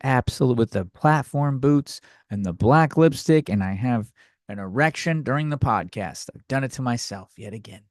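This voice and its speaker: A man's voice: medium pitch, lively intonation, normal speed, no echo, clean studio sound. A young man hosting a comedy podcast, ranting sarcastically and profanely on his own. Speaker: podcast host. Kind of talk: solo comedy rant.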